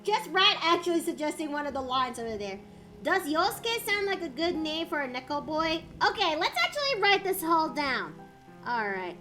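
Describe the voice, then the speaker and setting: A woman's voice: sits high, sing-song, moderate pace, bright, forceful tone, soft background music. A young woman streaming while she draws, chatting casually with her chat and thinking aloud. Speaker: streamer and artist.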